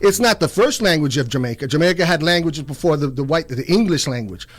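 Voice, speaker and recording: A man's voice: on the high side, expressive. A middle-aged man from Toronto, a musician telling rambling stories as a guest in a casual interview. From Toronto, Canada. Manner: rapid, rambling storytelling with many restarts.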